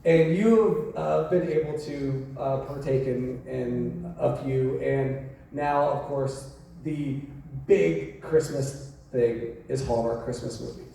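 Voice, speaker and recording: A man's voice: medium pitch, takes it slowly, vocal fry, dark tone, a little hiss or hum. A man moderating a convention Q&A, asking questions hesitantly with many "uh"s. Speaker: panel moderator. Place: large convention hall. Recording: echoey hall from far off.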